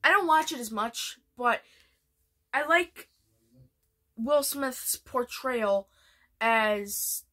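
A woman's voice: a little high, expressive, very slow, pauses often, bright, forceful tone. A woman chatting casually in a vlog, rambling with many restarts. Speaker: vlogger. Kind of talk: casual vlog chat ranking TV shows.

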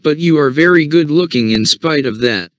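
Storybook part: an oily, flattering male moth, read by a male narrator, sugary manner, dull dry sound. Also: on the high side, normal speed, dry recording, close to an everyday voice. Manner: sweet, ingratiating talk. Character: smooth-talking flattering male moth, rude.

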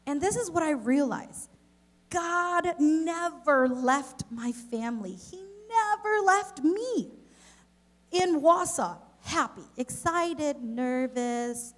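Slow, gentle woman speaking to children. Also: high-pitched. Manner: expressive storytelling, speaking gently to kids. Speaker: children's director. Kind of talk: children's message in church. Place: church service, in front of a congregation.

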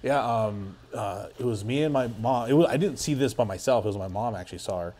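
Low-voiced man telling a story casually. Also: brisk, warm tone. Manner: rambling, full of "like" fillers and swearing. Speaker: podcast guest.

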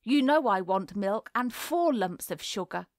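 A woman's voice: mid-range voice, expressive, unhurried, no echo, studio quality. A woman voicing a rude, blustering young boy who growls and bawls at the other children in a storybook reading. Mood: surly. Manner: growling, bawling.

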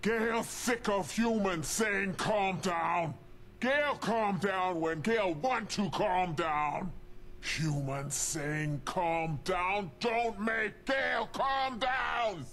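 A gravelly, raging super mutant. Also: male voice, sits high, slow pace, faint music behind, exaggerated voice. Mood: furious, desperate. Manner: broken speech, referring to self in third person, shouting bursts. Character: hulking angry super mutant, male-voiced, childlike broken speech. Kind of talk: video game dialogue.

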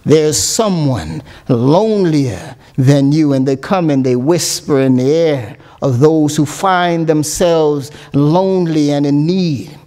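A man's voice: on the high side, slow, warm tone. A man preaching a sermon as a church elder, earnest and reasoning aloud.

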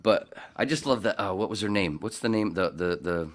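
A man's voice: lowish voice, a little fast. Blunt, swearing male podcast host. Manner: profane, blunt, rambling. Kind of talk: casual podcast chat.

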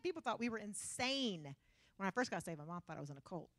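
A woman's voice: mid-range voice, fast talker, dry recording. A woman preaching a humorous sermon, telling stories animatedly and laughing often. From Texas. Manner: animated, self-mocking storytelling with frequent laughter.

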